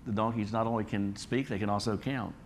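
A man's voice: lowish voice, fairly even intonation, brisk. A man preaching a Bible study sermon in a conversational way, often checking in with listeners. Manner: conversational, frequent "all right?" checks.

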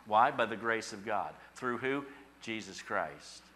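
Male pastor, sermon; bright, forceful tone; drops to a hush, then builds with repetition. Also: fairly low pitch, animated, measured pace, a little hiss or hum. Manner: dynamic, swings from hushed to emphatic; repetitive, preacherly cadence.

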